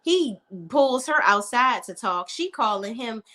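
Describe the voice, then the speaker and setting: A woman's voice: fairly high pitch, expressive, measured pace, bright, forceful tone. A woman recapping a TV episode in a casual, sassy, blunt way, acting out what the characters say. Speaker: TV recap commentator.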